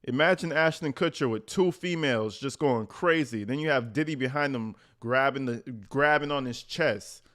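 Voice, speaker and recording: A man's voice: medium pitch, normal speed, hardly any pauses, fairly bright tone. A man commenting on news clips in a crude, jokey, profane way, often acting out other people's voices. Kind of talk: crude comedic reaction commentary.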